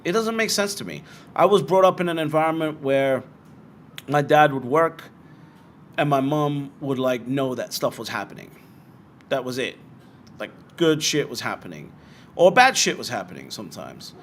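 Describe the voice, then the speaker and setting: Medium-pitched and at a normal speed, a young man from Britain chats bluntly on his bitcoin livestream, cursing plenty and making animated asides as he answers viewers. A little hiss or hum sits under the recording.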